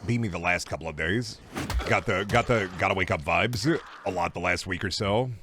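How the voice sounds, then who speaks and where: A man streaming a game, chatting casually with viewers in animated, profane bursts. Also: low voice, moderate pace, a little hiss or hum. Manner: animated, swearing, mock-scolding outbursts. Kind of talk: casual gameplay commentary.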